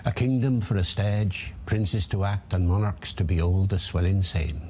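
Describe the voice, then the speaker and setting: An actor playing a stage chorus who recites a verse prologue in a measured, declamatory way. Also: male voice, sits low, warm tone, a little hiss or hum, lightly acted. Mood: declaiming.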